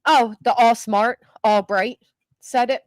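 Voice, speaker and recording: An older woman hosts a true crime livestream, speaking slowly in a slightly high, steady voice with no echo. She reacts casually to viewer comments and news clips, with frequent fillers and restarts.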